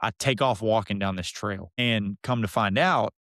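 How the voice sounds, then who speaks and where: A young man from Texas, a podcast guest, tells a long story in a casual, animated way, mimicking the people in it. His fairly low voice moves at a moderate pace, in a dry recording with clean studio sound.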